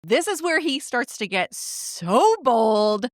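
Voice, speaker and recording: A woman co-hosting a casual book chat podcast, excitable and gushing, swearing and laughing a lot. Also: a little high, slow pace, dry recording, clean studio sound. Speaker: podcast co-host.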